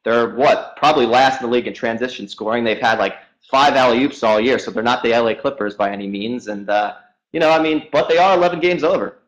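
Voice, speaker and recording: Very fast-talking man, lo-fi line. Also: mid-range voice. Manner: talks very fast, many "I mean"s. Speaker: guest sports reporter. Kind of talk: casual chat.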